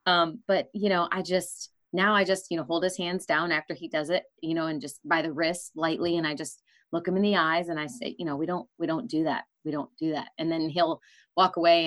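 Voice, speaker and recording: A woman's voice: sits low, fairly quick, fairly bright tone. A woman hosting a podcast, talking frankly and conversationally and often laughing mid-sentence. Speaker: podcast host. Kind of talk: casual interview talk.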